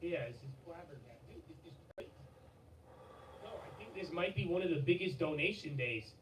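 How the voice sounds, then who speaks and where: A man hosting a livestream, excitable and swearing, with a strained, fading voice and sudden shouts and laughter. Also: a little high, moderate pace, recorded from a distance. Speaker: livestream host. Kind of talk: hyped livestream chat. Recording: echoey, off-mic, with loud background noise.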